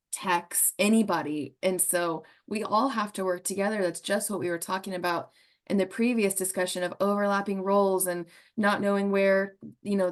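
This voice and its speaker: A woman guest on a podcast, telling a story in an earnest, emotional way and often laughing as she talks. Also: lowish voice.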